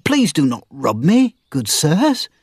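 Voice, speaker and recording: A man voicing a bold, quick-tempered young male miller in a storybook reading, pitching his voice up high. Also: wildly swooping pitch, slightly rough, no echo, clean studio sound, heavily acted. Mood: pleading. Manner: high-pitched, shouting when angry.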